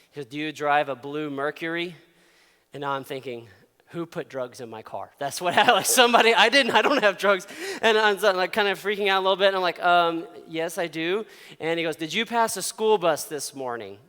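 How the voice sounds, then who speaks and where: A man's voice: high-pitched, fairly bright tone, smooth, long reverb tail. A man in his thirties preaching to young people, chatty and full of laughs, with acted-out quotes in his stories. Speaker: youth pastor. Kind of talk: casual storytelling sermon.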